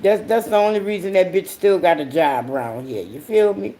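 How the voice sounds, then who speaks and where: In a casual monologue, a podcast host tells a story bluntly and profanely, breaking into sudden high outbursts and laughing along the way. The delivery is a little fast and warm in tone.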